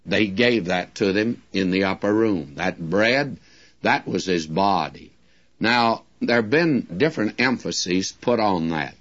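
A man teaching from the Bible in a sermon, deliberately drawing out key words and speaking directly to his listeners. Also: lowish voice, lively intonation, a bit bright. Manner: addresses listeners directly, folksy asides. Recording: dull lo-fi recording.

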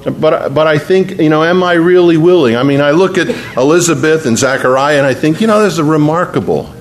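A man with a slightly high voice preaches briskly, earnest and conversational. Partway through the sermon, he slips into praying aloud.

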